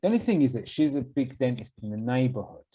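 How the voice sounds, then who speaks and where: A man's voice: mid-range voice, sing-song, quick pace, warm tone, breathy edge, rough recording. A young man co-hosting a podcast in casual chat, laid-back and giving blunt advice with some swearing. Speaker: podcast co-host.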